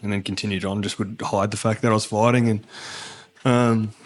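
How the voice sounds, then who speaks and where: A deep-voiced Australian man swaps rough, swear-laden stories on a podcast. His tone is blunt and casual, with laughter breaking in, and his voice sits low. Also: level tone, a little fast. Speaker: guest. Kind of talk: casual interview chat.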